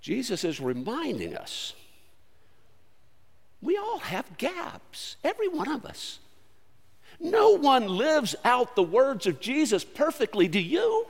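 A man preaching with a high, lively voice that leaps up and drops to near-hushed lines. He talks to the congregation in a plain, earnest way. The sound rings with the long reverb of a church sanctuary. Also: slow pace, vocal fry, slightly rough. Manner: earnest, conversational preaching with sudden swings from loud to quiet. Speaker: pastor. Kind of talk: sermon.

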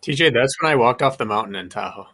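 A man's voice: mid-range voice, lively intonation, fast talker, pushed and bright. A man hosting an interview, who reflects on his own racing before he asks a question. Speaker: podcast host, ultrarunner. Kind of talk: conversational interview.

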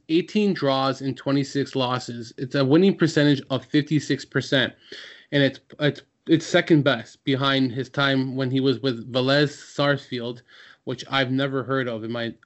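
Hesitant man on a dull, lo-fi mic. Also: mid-range voice. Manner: hesitant, stumbles over names. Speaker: podcast host. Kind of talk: casual chat. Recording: dull, lo-fi sound.

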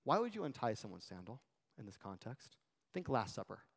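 A man, a youth pastor, preaching a conversational sermon with animated asides and hushed, dramatic quotations. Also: lowish voice, fairly quick, creaky, big-room sound.

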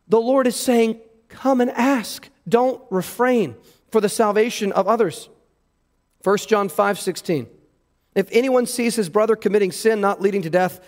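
A pastor preaching an earnest sermon, emphatic and repeating words as he stresses his points. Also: sits high. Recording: long hall reverb.

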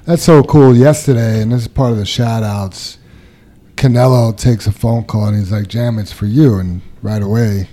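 A man hosting a casual workplace podcast, reading out anniversaries and birthdays and telling stories in a relaxed way. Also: lowish voice, normal speed. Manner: relaxed, reads out announcements. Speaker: podcast host.

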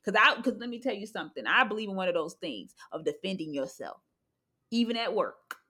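A woman's voice: medium pitch, sing-song, a little fast, bright, forceful tone. A woman in casual chat, blunt and joking, talking in slang.

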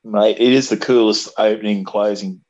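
A man's voice: lowish voice, fairly even intonation, moderate pace, darkish tone, no room sound, lo-fi sound. A man co-hosting a podcast in casual chat, chiming in with short agreeable remarks. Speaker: podcast co-host.

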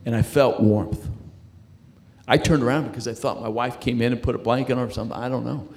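A man's voice: mid-range voice, fairly even intonation. A middle-aged man sharing a personal faith testimony in conversation. He stumbles and repeats words as he talks. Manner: halting, repeats words and restarts while telling his story.

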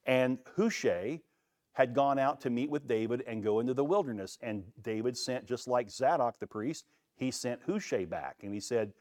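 A man delivers a sermon in a mid-range voice, building force as he reads passages aloud and leaning into slow, weighty pauses. The sound is dry and close, with no room around it. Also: medium pitch, a little mellow, dry recording. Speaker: pastor. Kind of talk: sermon with Bible reading.

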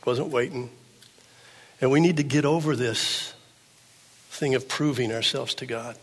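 An older man preaching a sermon as pastor, swinging from hushed, low passages to loud, pleading ones. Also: unhurried, husky. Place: church sanctuary. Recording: long hall reverb.

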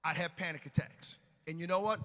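Male preacher, sermon testimony, high-pitched, bright tone, emotional loud-to-hushed delivery, church hall reverb. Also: a little fast.

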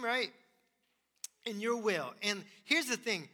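Pastor, man, high bright voice, emphatic sermon delivery, long hall reverb. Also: a little slow. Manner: emphatic, repeats key phrases.

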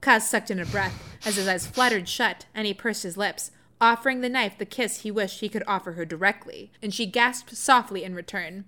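A woman reads romantic fiction aloud, her tone bright and ringing, her pitch sitting in the middle range. She tells the story softly and with feeling. She keeps stopping to laugh and toss in excited remarks. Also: normal speed, few pauses. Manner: soft, expressive storytelling with frequent laughs and excited asides. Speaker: reader.

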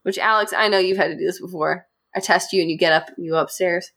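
A woman host casually retelling a dark fairy tale to friends, chatty and animated. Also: on the low side, fast, gravelly. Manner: chatty, animated, laughs often. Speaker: podcast host.

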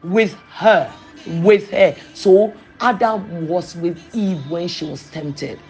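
A preacher giving a sermon, talking emphatically with rhetorical questions and repetition, swinging from loud bursts to soft asides. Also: medium pitch, slow, soft background music.

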